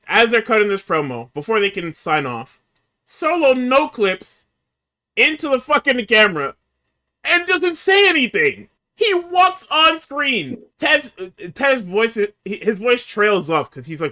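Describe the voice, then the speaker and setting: Man, podcast host, exasperated, profane, fairly high-pitched, bright and forceful. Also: sing-song, unhurried. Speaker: podcast host recapping wrestling. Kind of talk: casual recap.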